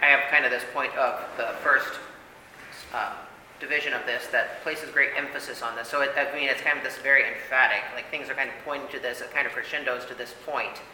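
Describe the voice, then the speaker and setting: A man's voice: medium pitch, fairly even intonation, fairly quick, sharp tone. A man leading a casual church Bible study, talking emphatically with many fillers and "right?" tags. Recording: echoey hall with faint room noise.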